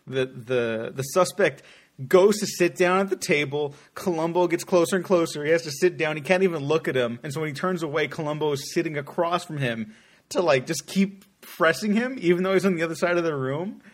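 A man's voice: fairly high pitch, brisk. A man co-hosting a podcast, chatting casually with laughs and the odd curse. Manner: laid-back, laughing, swears casually. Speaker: podcast co-host. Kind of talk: casual film podcast chat.

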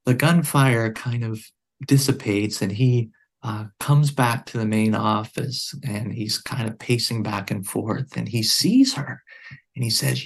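A man guest on a podcast, telling a story in conversation in an earnest, measured way. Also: mid-range voice, vocal fry.

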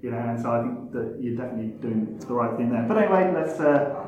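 A man's voice: mid-range voice, expressive, quick pace, a little mellow. A man hosting a casual podcast chat, rambling with restarts and crude jokes. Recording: echoey room, dull lo-fi sound.

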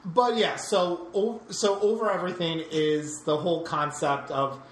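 A woman's voice: fairly low pitch, fairly even intonation, unhurried, reverberant, slight background noise. A woman co-hosting a casual podcast about movies, enthusiastic and rambling, often laughing, with her microphone set far away. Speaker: podcast co-host.

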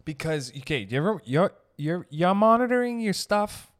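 A man's voice: sits high, very animated, normal speed. A man hosting a podcast in casual chat, jokey and rambling as he thinks aloud. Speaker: podcast host.

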